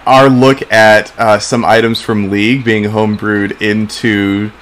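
A man's voice: fairly low pitch, level tone, a little slow, a bit bright. Easygoing man wrapping up a podcast. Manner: easygoing, hesitant with fillers. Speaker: podcast co-host. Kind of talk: casual chat and show wrap-up.

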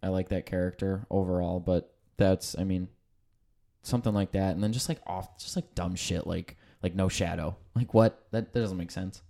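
A man's voice: sits low, steady tone, normal speed, creaky, dark tone. A young man hosting a casual podcast chat, rambling and swearing with many restarts. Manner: rambling, profane, frequent restarts. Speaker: podcast host.

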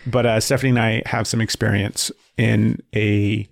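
Gravelly low-voiced man in his forties. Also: level tone, moderate pace, no room sound, studio quality. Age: 40s. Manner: blunt, joking, swears casually. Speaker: podcast co-host. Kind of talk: casual chat.

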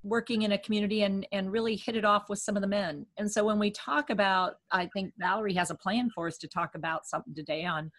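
A woman co-hosting a care podcast, who talks in a lively way, thinks aloud and corrects herself as she goes. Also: medium pitch, fast talker, few pauses. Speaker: dementia care educator, co-host. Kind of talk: casual podcast chat.

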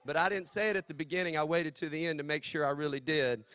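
A man's voice: on the high side, steady tone, fast talker, fairly bright tone, no echo. A man from Texas with a Southern accent, preaching as a guest with a playful, joking manner. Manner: playful, joking, drawls "y'all". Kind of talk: sermon.

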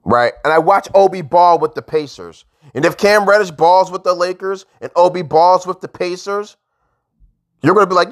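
At a moderate pace, this man vents like a sports fan vlogger, irritated and casual. He lurches from shouting bursts to quiet grumbling.

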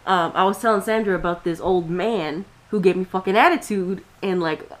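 A woman's voice: on the low side, moderate pace. A young woman co-hosting a podcast, telling a story in casual chat with a blunt, profane, ranting manner. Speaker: podcast co-host.

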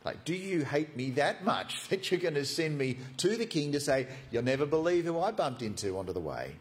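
A man's voice: on the high side, sing-song, a little fast. A man voicing an anxious royal servant who pleads and frets, within a sermon. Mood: pleading. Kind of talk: sermon storytelling.

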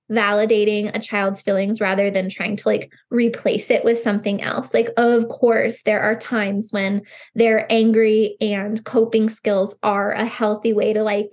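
A woman in her thirties, a podcast guest and grief counselor, talking in an earnest, expressive way with lots of "like" fillers. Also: a little high. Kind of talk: casual conversation.

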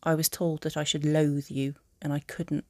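A woman voicing a remorseful young male aristocrat wizard in a fan audiobook, speaking softly and haltingly. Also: deep voice, level tone, no room sound, clean studio sound. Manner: soft, halting confession.

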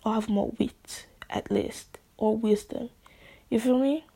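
A woman vlogger in a spontaneous, rambling monologue, using slang and sometimes dropping into soft whispers. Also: on the high side, fairly even intonation, slow, creaky, husky.

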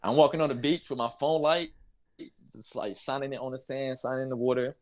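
A young man from North Carolina, a basketball player, telling a story as an interview guest in a casual, animated way, laughing and acting out the people in it. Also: medium pitch, brisk. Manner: animated, laughs while telling, acts out voices.

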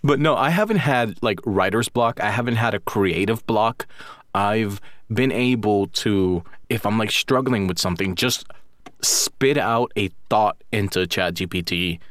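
A man's voice: fairly low pitch, measured pace, a bit bright, dry recording. A man co-hosting a podcast, talking enthusiastically in a rambling, casual way. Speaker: podcast co-host. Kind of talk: casual podcast chat about roleplay.

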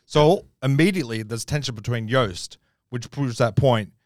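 A man co-hosting a casual podcast chat, passionate and sweary, getting loud when he is worked up. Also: medium pitch, moderate pace, no echo, studio quality. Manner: passionate, swears, raises his voice when excited. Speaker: podcast co-host.

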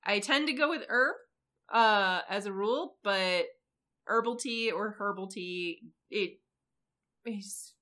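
A woman co-hosting a podcast, casually recapping an episode in a relaxed storytelling way. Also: medium pitch, slow. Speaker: podcast co-host. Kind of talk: casual chat, recapping a show.

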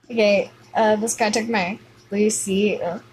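A woman giving lively, exclamatory commentary over her gameplay, often repeating words in a sing-song way. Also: mid-range voice, measured pace, a little hiss or hum, rough recording. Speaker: gaming video host.

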